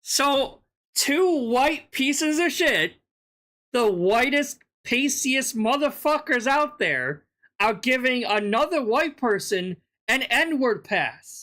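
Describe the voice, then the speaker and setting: A woman giving an indignant, profane reaction commentary, her throat sore from yelling. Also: high-pitched. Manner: profane, indignant, laughing ranting.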